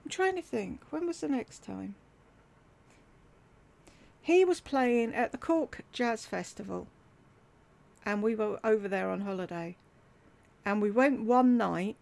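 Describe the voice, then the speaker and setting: A woman's voice: on the high side, lively intonation, measured pace, gravelly, long pauses, a little mellow. A middle-aged woman, candidly telling a personal family story with wry humour and the odd swear word. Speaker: YouTuber telling a life story. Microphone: desktop USB mic.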